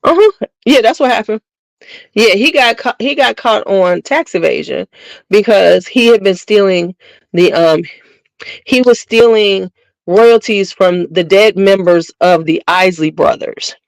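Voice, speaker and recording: A woman's voice: medium pitch, a little slow, gravelly, no room sound, poor audio. A middle-aged woman hosting her channel, chatting casually and bluntly with viewers in a gossiping, slangy way. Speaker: beauty channel host.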